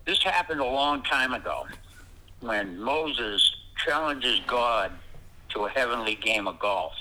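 An older man from New England telling a joke over a tinny phone line in an unhurried, dry way. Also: medium pitch, lively intonation, sharp tone, slight background noise.

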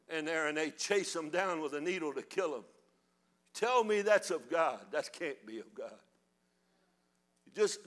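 An older man preaching a fiery sermon, building to shouted passages. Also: high-pitched. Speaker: pastor.

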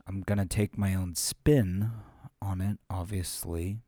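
Amateur male reader, casual chat, unhurried and rambling, dry close sound. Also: sits low, steady tone, dark tone, no room sound. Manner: rambling, self-deprecating, with frequent fillers. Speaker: amateur reader of children's stories. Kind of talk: casual chat after a reading.

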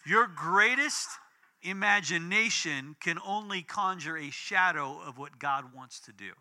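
Fifties male pastor, lively storytelling sermon, high bright ringing voice. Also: measured pace. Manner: animated storytelling with big swings in pitch and volume.

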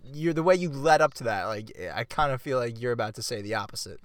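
A man's voice: medium pitch, expressive, fast talker, clean tone, dry recording. A man co-hosting a casual podcast chat, arguing playfully, swearing freely and filling his talk with "like". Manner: blunt, swears, argues playfully. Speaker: podcast co-host.

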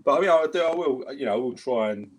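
A man's voice: mid-range voice, lively intonation, quick pace. A man with a South London accent talking casually and rambling with lots of fillers. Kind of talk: casual chat.

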